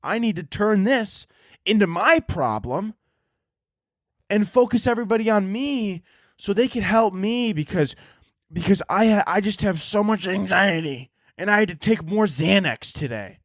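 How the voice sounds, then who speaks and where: A self-absorbed worrier whines in an overdone, high voice, as a man mocks the type. The sound is close and dry, the manner sneering and exaggerated. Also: animated, measured pace, no echo. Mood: mocking. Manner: mocking, exaggerated whining. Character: whiny self-absorbed anxious person.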